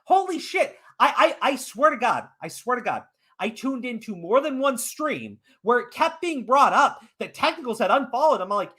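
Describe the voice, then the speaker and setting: A man's voice: very high-pitched, very animated, normal speed, sharp tone, husky. A man hosting a podcast, delivering a heated, profane rant of commentary with lots of emphasis. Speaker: podcast host. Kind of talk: ranting commentary.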